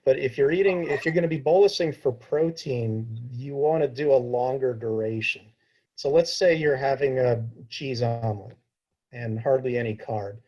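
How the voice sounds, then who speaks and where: A man answering questions as a diabetes educator on a video call, explaining in a measured way. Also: medium pitch, mellow, highs cut off. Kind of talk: informal Q&A talk.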